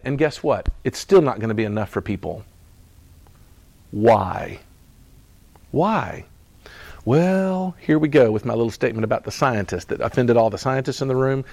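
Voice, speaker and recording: A man's voice: mid-range voice, lively intonation, moderate pace, a little mellow. A man preaching a sermon in a conversational style, acting out quoted voices and laughing as he goes. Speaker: pastor.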